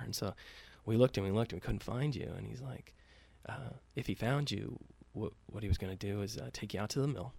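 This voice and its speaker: Gravelly low-voiced man telling a story. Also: brisk, few pauses, a little mellow. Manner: loose and profane, many fillers, acts out the quoted lines lightly. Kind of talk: casual spoken storytelling.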